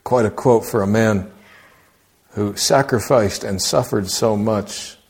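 A man's voice: slow, darkish tone. Man preaching with rhetorical questions. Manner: conversational preaching, rhetorical questions, voice drops low for emphasis. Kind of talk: sermon.

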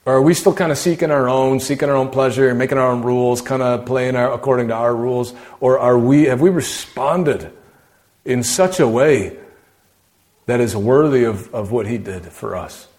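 Man, sermon, conversational preacher, mid-pitched voice, rhetorical questions. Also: normal speed, a little mellow.

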